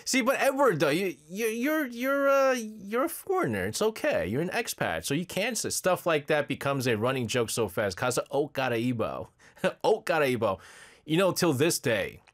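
Lively joking male radio host. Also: high-pitched, normal speed, hardly any pauses. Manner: animated, jokey, laughs often. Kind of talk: casual radio chat reading listener messages.

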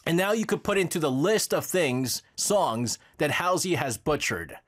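A radio host in animated, casual chat, teasing a co-host and often breaking into laughter. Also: mid-range voice, moderate pace.

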